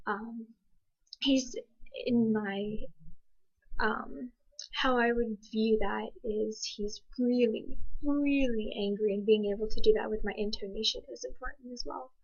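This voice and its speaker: A woman giving thoughtful, hesitant commentary on a signed video, pausing often with ums. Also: fairly high pitch, steady tone, creaky, breathy edge, muffled recording. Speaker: interpreting student.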